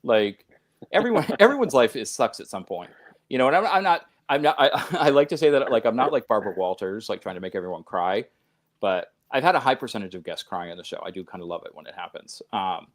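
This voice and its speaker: Man, podcast guest, low voice, earnest, emphatic, run-on sentences. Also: animated, quick pace. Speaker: podcast guest, host of his own show. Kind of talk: conversational podcast talk.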